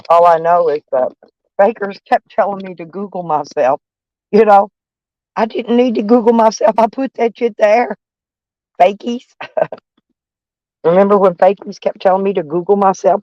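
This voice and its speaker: A woman's voice: lowish voice, mellow, dry recording. Older woman, profane livestream host, lo-fi close sound. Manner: brash, profane, laughing taunts. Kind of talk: casual livestream rant.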